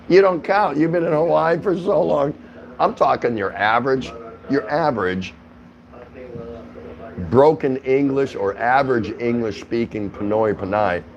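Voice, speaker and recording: A man's voice: mid-range voice, slow, pauses often, lo-fi sound. A man hosting a casual livestream from his home, chatting with viewers, greeting them by name and laughing often. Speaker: livestream host.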